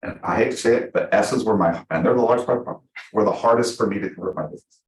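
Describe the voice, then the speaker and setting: A man teaching a live class to real estate agents, chatty and animated, acting out the people he quotes. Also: on the low side, fast. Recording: echoey room.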